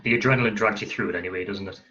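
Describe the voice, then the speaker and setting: A man's voice: lowish voice, rapid-fire, background noise. A man hosting an interview, talking casually and hesitantly with plenty of ums. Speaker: interviewer, podcast host. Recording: dull lo-fi sound.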